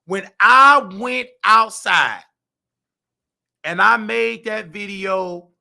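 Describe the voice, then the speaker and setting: A man with a very high, bright, piercing voice and a gravelly edge, speaking. He rants through a story as host, excitable and preachy, breaking into shouts. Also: drawn-out words. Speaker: show host. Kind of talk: animated personal storytelling.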